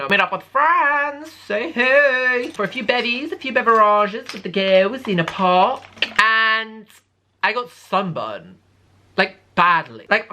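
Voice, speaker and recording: A man, chatting casually to camera in his bedroom in a camp, dramatic, oversharing way. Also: pushed and bright. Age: 20s. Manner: camp, dramatic and oversharing, with sudden high squeals. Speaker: YouTuber.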